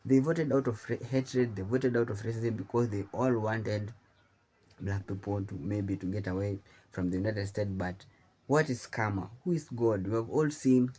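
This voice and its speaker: A man's voice: lowish voice, moderate pace, mellow. A man hosting a YouTube reaction channel, talking emphatically with many restarts and repetitions. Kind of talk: reaction commentary.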